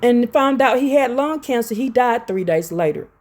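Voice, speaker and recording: A woman's voice: fairly high pitch, animated, normal speed, a little mellow. A woman giving a rambling, emphatic religious monologue to her viewers. She repeats herself and turns confrontational. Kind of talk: direct-to-camera religious monologue.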